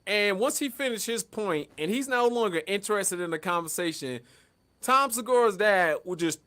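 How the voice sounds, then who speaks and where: A man co-hosting a casual podcast, telling stories in a lively, profane way and acting out the people he quotes. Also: sits high, moderate pace. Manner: animated storyteller, acts out quotes, lots of profanity. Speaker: podcast co-host.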